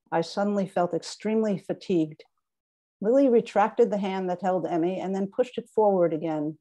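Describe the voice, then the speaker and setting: A woman's voice: medium pitch, normal speed, dark tone. A middle-aged woman author reading her memoir aloud in a wry, understated way.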